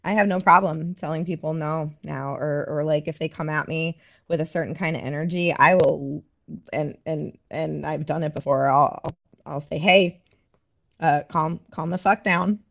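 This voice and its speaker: Gravelly-voiced woman, candid podcast guest. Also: sits low, steady tone, normal speed, dull audio. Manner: candid, laughs often, swears freely. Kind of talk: casual chat.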